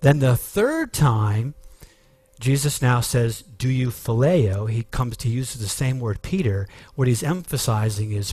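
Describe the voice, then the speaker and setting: A man's voice: mid-range voice, animated, unhurried, a little mellow, no room sound, soft background music. A man preaching a sermon as pastor, earnest and emphatic, with frequent restarts.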